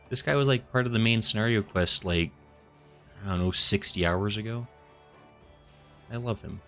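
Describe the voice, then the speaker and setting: A man's voice: fairly low pitch, normal speed, long pauses, sharp tone, soft background music. A man streaming a video game, chatting casually and reading viewer comments aloud with an easy, chuckling manner.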